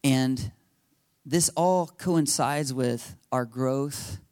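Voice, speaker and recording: A man pastor telling a story in his sermon, animated, laughing, and acting out quotes. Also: medium pitch, drawn-out words, clean tone, no echo, studio quality.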